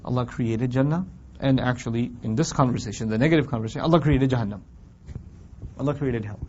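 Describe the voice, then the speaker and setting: A man teaching a Quran class in a lively, conversational way, firing rhetorical questions at his students and acting out complaining voices. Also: mid-range voice, moderate pace, pauses often, slight background noise. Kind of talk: classroom lecture on scripture. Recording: dull lo-fi recording.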